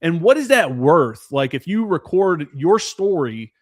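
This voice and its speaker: A man's voice: on the high side, sing-song, unhurried, no echo. Candid, profane man with a dry voice. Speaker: podcast guest, former Marine forward observer. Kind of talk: casual podcast chat.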